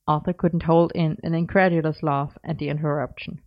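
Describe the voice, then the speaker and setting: Female story narrator, low voice, measured; dull lo-fi recording. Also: fairly even intonation. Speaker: audiobook narrator.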